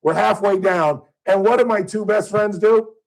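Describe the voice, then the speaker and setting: A radio host, middle-aged and from Southern California, shares stories in an easygoing on-air conversation, his voice rising and getting louder when he's worked up. He speaks at normal speed with some vocal fry, over a rough recording.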